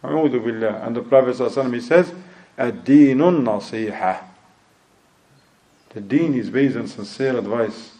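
A man's voice: medium pitch, very fast, few pauses, mellow, rough recording. A man giving a sermon who acts out quoted people and mixes in Arabic phrases. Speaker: preacher.

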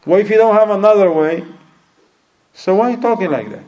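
Man, sermon, acts out quoted voices, Arabic phrases, slightly high-pitched. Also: expressive, brisk, pauses often, a little mellow, rough recording. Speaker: preacher.

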